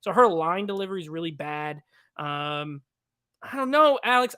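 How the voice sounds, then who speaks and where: A man's voice: a little high, expressive, normal speed, pushed and bright, clear, resonant tone, no room sound, studio quality. A man co-hosting a casual movie review chat over a video call, rambling and filling his talk with "like.". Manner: rambling, heavy use of "like". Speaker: podcast co-host.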